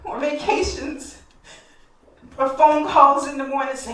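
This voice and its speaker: A woman's voice: high voice, a little slow, a bit bright. A woman telling a heartfelt personal story on a live stage, speaking directly to the audience. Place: stage in a hall. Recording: echoey hall, distant mic.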